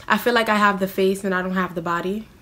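A woman's voice: mid-range voice, fairly even intonation, quick pace, pushed and bright. A young woman, chatting in a casual question-and-answer vlog. She is self-mocking and scatters "like" through her talk. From New York City. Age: young adult. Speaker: vlogger.

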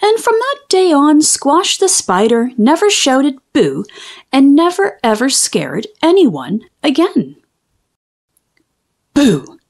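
Woman, children's storyteller, read-aloud, expressive, high pitch, slow pace. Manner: expressive and animated. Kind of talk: reading a children's book aloud.

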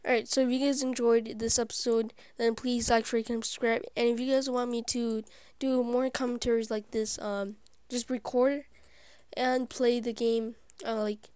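A woman hosting her gaming channel, giving live gameplay commentary; excitable and easily frustrated, she often drops into whispered asides. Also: fairly high pitch, moderate pace, clean tone, no room sound. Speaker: YouTube gaming channel host.

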